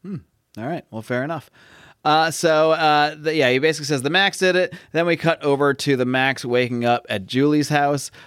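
A man's voice: on the high side, normal speed, a bit bright, clean tone, no echo. Chatty man with a dry, close sound. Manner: chatty, rambling, frequent fillers and restarts. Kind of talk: casual comic book discussion.

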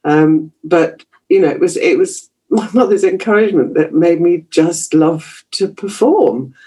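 A man's voice: a little high, measured pace, warm tone, breathy edge. A man, a journalist being interviewed, telling stories from his youth in a chatty way, laughing easily and restarting his sentences. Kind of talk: reflective conversational storytelling.

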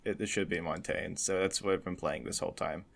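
A man's voice: sits low, steady tone, a little fast, gravelly, a bit bright. A man narrating a tabletop game as game master. He rambles through descriptions with frequent fillers and self-corrections, and often breaks into laughter.

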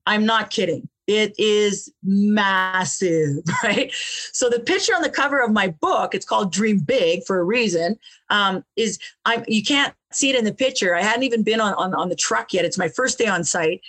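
Woman guest telling her story, lively, laughs a lot, stumbles over words. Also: mid-range voice, normal speed. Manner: animated, repeats words, laughs between phrases. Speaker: interview guest, author. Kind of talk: personal storytelling in conversation.

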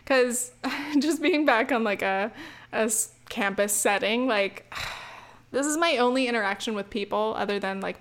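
Swearing, chatty young woman ranting. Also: on the high side. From United States. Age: young adult. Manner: chatty, swears freely, many fillers and restarts. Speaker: student vlogger. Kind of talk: casual rant to camera.

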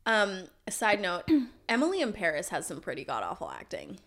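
Easygoing young woman, quick to laugh. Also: medium pitch. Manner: relaxed, laughs easily, short reactions. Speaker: podcast co-host. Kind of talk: casual chat.

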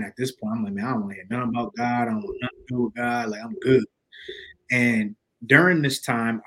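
Animated man telling a story. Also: mid-range voice. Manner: animated storyteller, slangy, acts out quotes. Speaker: podcast guest. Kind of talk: storytelling in casual conversation.

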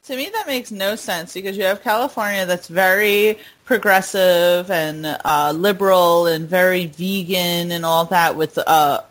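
A woman's voice: on the low side, unhurried, hardly any pauses, poor audio. A woman telling a story in casual podcast chat, laughing often and using many fillers.

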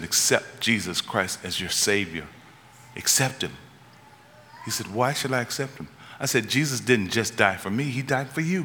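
Preaching man in an echoing hall. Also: sharp tone. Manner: storytelling preacher, rising to urgent high-pitched climaxes. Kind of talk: sermon. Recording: long reverb of a large hall.

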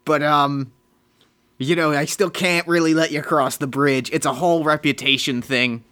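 A man's voice: a little high, steady tone, normal speed, bright, forceful tone. A man voicing a lonely, poetry-loving male bridge troll who talks in a chatty, hesitant way. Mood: flattered.

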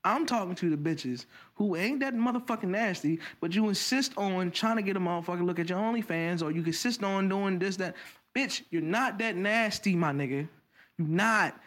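A man's voice: high-pitched, moderate pace, a bit bright. A man co-hosting a podcast, ranting bluntly and profanely in casual chat. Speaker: podcast co-host.

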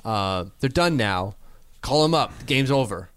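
A man co-hosting a casual sports podcast, animated and quick to laugh, thinking out loud as he talks. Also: mid-range voice, smooth, dry recording. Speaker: podcast co-host.

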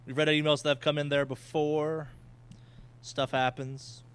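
Guy cohosting a gaming podcast, kinda high bright voice, swears casually. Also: little pitch movement, measured pace, smooth. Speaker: podcast co-host.

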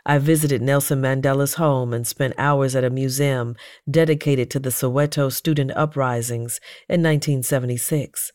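A narrator reading their own first-person memoir aloud in a measured, earnest voice. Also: medium pitch, fairly even intonation, darkish tone, no echo, clean studio sound.

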